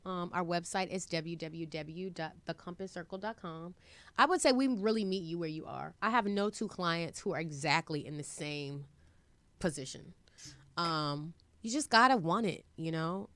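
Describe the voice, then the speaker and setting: A woman's voice: fairly low pitch, normal speed, no room sound. A woman, a trucking entrepreneur, chatting as a guest in a casual interview and acting out the voices of the people she quotes. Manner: animated, acts out quoted voices.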